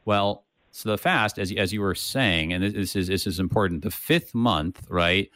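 Low-voiced man musing through scripture. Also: moderate pace, a bit bright, dry recording. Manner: thinks aloud with many restarts and "right?" tags. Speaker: co-host of a Bible study podcast. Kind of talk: casual Bible discussion.

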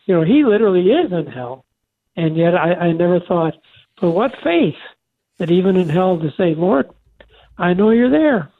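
An older man co-hosting a faith talk show, speaking earnestly and haltingly with many restarts. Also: sits high. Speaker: radio show co-host. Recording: tinny phone line.

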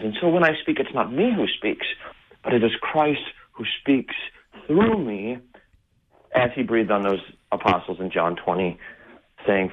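A male Lutheran pastor preaches in an earnest, emphatic way, leaning hard on key words and slowing down to stress them. His voice sits at a middle pitch for a man. The audio is thin and tinny, like a phone line heard over the radio. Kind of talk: sermon-like teaching.

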